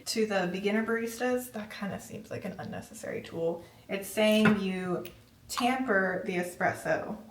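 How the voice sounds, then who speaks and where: A young woman chats her way through an unboxing, excitable and chatty, reading labels aloud and now and then out of breath. Her voice sits at an everyday middle pitch. It comes from a little away from the mic in an echoey room, with a faint hiss behind it. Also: recorded from a distance. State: out of breath at times. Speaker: vlogger. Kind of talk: casual unboxing chat.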